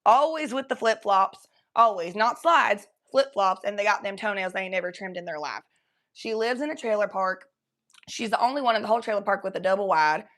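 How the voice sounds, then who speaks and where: A young woman from Cincinnati, talking in a put-on Southern drawl during a casual livestream chat, crude and rambling, high and coughing now and then. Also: expressive, a little fast, a bit bright. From Cincinnati, Ohio.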